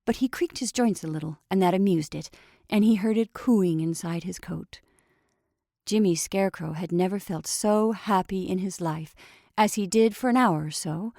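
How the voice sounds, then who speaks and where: A woman hosting a storytelling podcast, reading a classic story aloud with gentle, expressive narration. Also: medium pitch, dry recording, studio quality.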